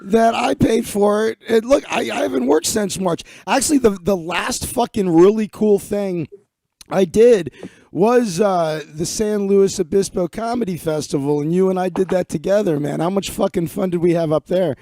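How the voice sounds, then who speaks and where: Gravelly, high-voiced male comedian host. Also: moderate pace, no echo. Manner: animated, laughs easily, swears a lot. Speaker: podcast host. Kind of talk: casual chat.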